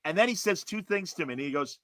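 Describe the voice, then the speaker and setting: A man co-hosting a podcast, telling a story in casual chat and acting out the other people's lines loudly. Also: sits high, fast, no room sound. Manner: animated storyteller, acts out quotes loudly. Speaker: podcast co-host.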